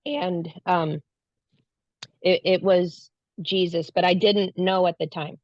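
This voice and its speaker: Speaking slowly in a fairly low, steady voice, a woman shares an earnest story about a spiritual experience she had, keeping it casual and re-enacting her own lines from the time. She's a guest, and the audio sounds dull, lo-fi, and dry.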